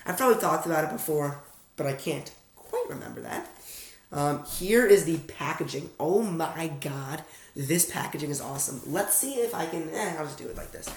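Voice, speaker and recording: A man's voice: fairly high pitch, animated, normal speed, gravelly. A young American man chatting casually through an unboxing vlog, rambling and self-aware as he talks to his viewers. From United States. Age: young adult. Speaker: fragrance reviewer. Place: room at home at night. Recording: echoey room.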